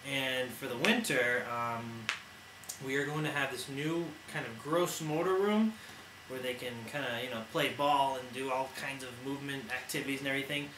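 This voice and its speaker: A man's voice: medium pitch, moderate pace. A young man co-hosting a casual sports chat, rambling and laughing as he ad-libs jokes. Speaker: co-host. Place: indoor room. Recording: echoey room with noise.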